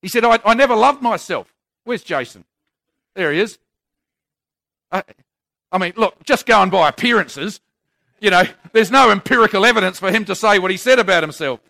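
A man's voice: high-pitched, animated, normal speed, creaky, pauses often, sharp tone, no room sound. A man preaching a sermon in an earnest, conversational way with touches of self-deprecating humour.

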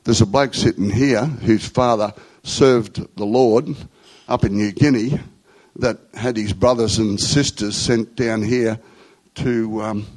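A man's voice: fairly low pitch, steady tone, slow, darkish tone, poor audio. A middle-aged man with an Australian accent, telling rambling, slangy stories in a conversational talk to a group.

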